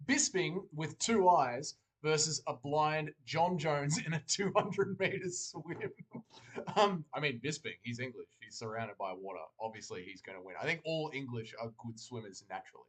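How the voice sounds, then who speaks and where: A man's voice: a little high, lively intonation, moderate pace, fairly bright tone. A man hosting a casual livestream, joking and rambling while reading chat aloud from a desk mic. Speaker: livestream host.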